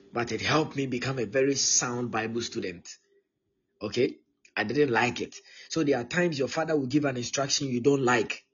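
A breathy, heavily husky male pastor teaches in his thirties, driving his points home by repeating them and asking "okay?" again and again. The sound is dull and lo-fi, like a streamed recording. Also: medium pitch. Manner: emphatic and repetitive, often checking in with "okay?". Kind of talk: live-streamed teaching sermon.

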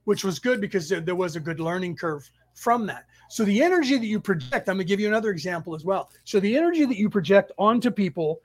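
A man hosting a spiritual study class on a live stream, telling stories in a rambling way with sudden loud outbursts, talking into a home computer mic. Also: high voice, animated, fast talker, hardly any pauses. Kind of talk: casual live-stream storytelling. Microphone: home computer mic over weak Wi-Fi.

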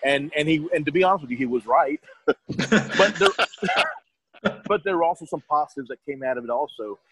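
A man's voice: fairly high pitch, lively intonation, normal speed, a bit bright, slight background noise, rough recording. A middle-aged man telling his story in a casual, rambling way, often restarting his sentences and quoting others.

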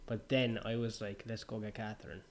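A man's voice: on the low side, little pitch movement, a little fast. A man co-hosting a podcast, telling stories in a laid-back, sweary way. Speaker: podcast co-host. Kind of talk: casual chat.

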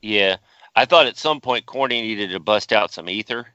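Deadpan man, smooth, lo-fi. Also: on the low side, moderate pace, dry recording. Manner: dry, deadpan. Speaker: co-host. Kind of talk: casual commentary. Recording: dull, dry lo-fi audio.

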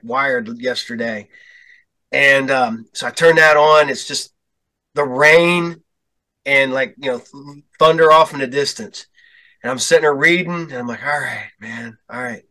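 A middle-aged man hosting a casual chat show, telling relaxed stories with easy laughs and free swearing. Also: mid-range voice, moderate pace, poor audio. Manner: laid-back, chuckling storyteller, swears freely. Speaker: podcast host.

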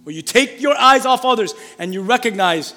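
High voiced pastor guy preaching, asks the crowd to answer back, big echoey church hall. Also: moderate pace, faint music behind. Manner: lively, calls for congregation responses, reads scripture aloud. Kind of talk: sermon. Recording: long hall reverb.

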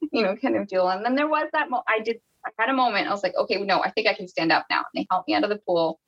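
A Canadian woman talks through a long personal story as a guest, full of restarts and quick quoted exchanges. Her voice sits at an ordinary middle pitch. The sound is a little dull and lo-fi. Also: fairly bright tone, husky. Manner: chatty, many restarts and quoted dialogue. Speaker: podcast guest. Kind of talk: casual storytelling interview.

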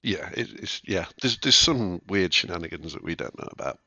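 A man's voice: low voice, animated, brisk, bright, forceful tone, no echo. A man co-hosting a podcast, agreeing readily in short remarks that trail off. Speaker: podcast co-host. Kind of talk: casual chat about a TV show. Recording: dull lo-fi dry mic.

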